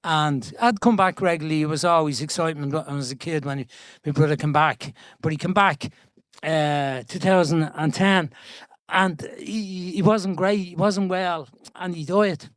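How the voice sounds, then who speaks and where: Dublin fella in his 70s yarning away, highish voice, dry sound. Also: moderate pace, no echo. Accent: Dublin Irish. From Ireland. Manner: chatty, animated storyteller with frequent restarts and laughs. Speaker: guest being interviewed. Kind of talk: storytelling conversation. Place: event stage before an audience.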